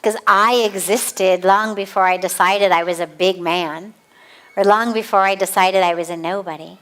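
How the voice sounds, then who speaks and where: A woman spiritual teacher giving a calm, deliberate spiritual discourse in an outdoor garden. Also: mid-range voice.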